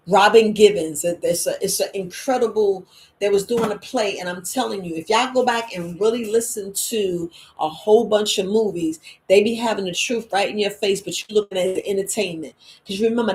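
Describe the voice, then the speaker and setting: A middle-aged woman, hosting a wellness podcast in a lively, emphatic monologue. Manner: lively and emphatic, with quoted voices and sudden high exclamations. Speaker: herbalist and podcast host. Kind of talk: casual spoken monologue.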